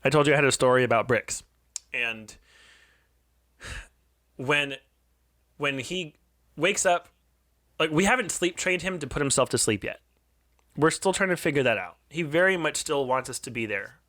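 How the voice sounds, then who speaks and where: A podcast co-host in his thirties earnestly shares a confessional parenting story, restarting sentences and dropping into soft, quiet stretches. His voice is on the high side, at a normal speed with frequent pauses. The studio-quality recording has no echo.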